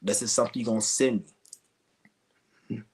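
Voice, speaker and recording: A male streamer with a gravelly, mid-range voice speaks at a moderate pace with fairly even intonation. His commentary is a rambling, contemptuous rant packed with curses.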